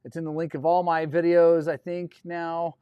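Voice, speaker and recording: A man's voice: a little high, little pitch movement, moderate pace, mellow, clear, resonant tone, dry recording. A man hosting a dirt bike live stream, chatting casually in a rambling, effusive way and thanking viewers often.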